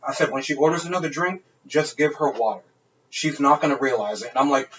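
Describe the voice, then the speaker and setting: A man's voice: mid-range voice, fast talker, a bit bright, recorded from a distance, muffled recording. A man on a podcast telling a wild night-out story in casual, profane, laughing chat. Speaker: podcast co-host.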